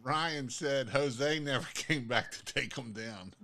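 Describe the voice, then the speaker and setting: A man's voice: mid-range voice, takes it slowly, vocal fry, bright, forceful tone. A man hosting a casual live chat, laughing easily and reading out viewer comments. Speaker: host of live session.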